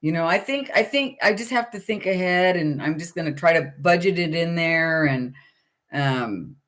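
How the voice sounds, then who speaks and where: A woman's voice: fairly low pitch, lively intonation, moderate pace. A middle-aged woman hosting a casual live chat with viewers, rambling and chatty with lots of fillers.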